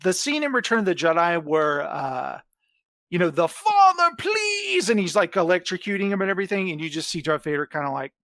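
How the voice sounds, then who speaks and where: A man's voice: on the high side, fast talker, no room sound. Enthusiastic male podcast host, dry sound. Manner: enthusiastic, animated storytelling. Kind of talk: casual chat.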